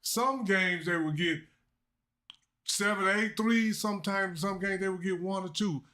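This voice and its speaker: Male co-host, doubting and deliberate, drawling, a bit high-pitched. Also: sharp tone. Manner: skeptical, measured, drawling. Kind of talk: casual sports talk.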